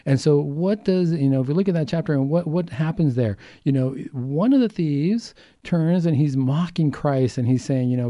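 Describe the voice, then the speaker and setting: A man's voice: fairly high pitch, moderate pace, mellow, dry recording. A man, a doctor co-hosting a faith talk show, explaining earnestly and acting out the voices he quotes. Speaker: doctor and co-host.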